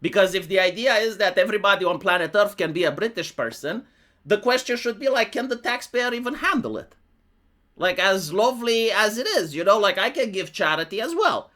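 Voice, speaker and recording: A man's voice: sits high, lively intonation, a little fast, pushed and bright. A man from Romania, a live streamer who delivers political commentary as a monologue, full of sarcastic rhetorical questions he answers himself.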